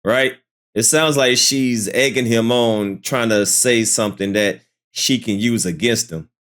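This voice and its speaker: A man's voice: mid-range voice, measured pace. A man hosting a reaction video, giving casual skeptical commentary and repeating his doubts. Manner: skeptical, repeats himself, animated. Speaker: reaction channel host.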